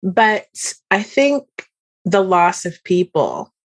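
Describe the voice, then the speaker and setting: Low-voiced woman podcast host. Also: sing-song, slow pace. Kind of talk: interview questions.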